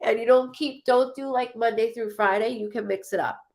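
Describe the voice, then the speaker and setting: A woman's voice: fairly high pitch, fairly even intonation, normal speed, gravelly, background noise. A woman hosting a psychic live stream, chatting casually and effusively with viewers as she reads their comments. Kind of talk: casual livestream chat reading comments.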